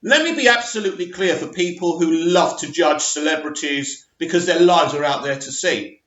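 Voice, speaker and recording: A man in his forties talks through an article with chatty asides, tripping over words and starting again. His voice sits a little high and swings up and down lively. It's heard in a roomy space on a dull, muffled recording. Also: a little fast, few pauses. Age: 40s. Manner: chatty asides, stumbles and restarts while reading. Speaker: movie news vlogger. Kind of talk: reading and commenting on an article.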